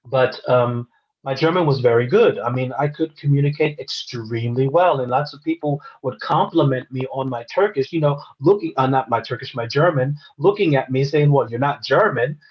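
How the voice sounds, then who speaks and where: Husky American man telling a story. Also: medium pitch, normal speed. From United States. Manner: earnest, retells scenes with quoted dialogue. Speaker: interviewee. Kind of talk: personal storytelling. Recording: dull lo-fi recording.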